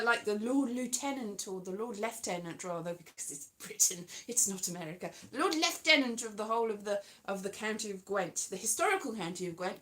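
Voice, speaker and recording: A woman's voice: mid-range voice, sharp tone. A woman rambling in a casual monologue, chatty and self-deprecating, sometimes slipping into a sing-song tone. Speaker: vlogger.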